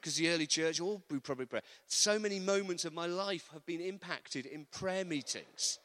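A man preaching a sermon, animated, acting out quotes with humorous asides. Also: fairly high pitch, moderate pace. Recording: long reverb of a large hall.

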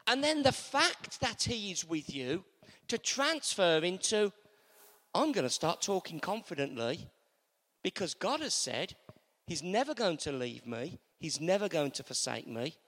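Male preacher, high lively voice, hall reverb, call-and-response sermon. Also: measured pace. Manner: animated, repetitive call-and-response with congregation. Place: church.

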